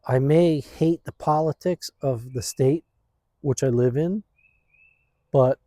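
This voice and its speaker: A man vlogging casually outdoors in his backyard, talking slowly into a phone on a stand, rambling and laid-back, saying "man" and "dude" a lot. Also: on the high side, mellow, no echo, studio quality. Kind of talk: casual vlog chat.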